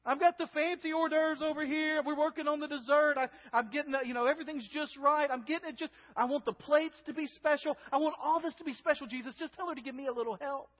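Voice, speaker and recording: A man's voice: very high voice, little pitch movement, unhurried, few pauses, voice pushed up. A preacher voicing a frazzled, put-upon woman hostess who whines and pleads with urgency. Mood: pleading urgency. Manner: whiny, urgent, complaining. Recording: dull lo-fi with long hall reverb.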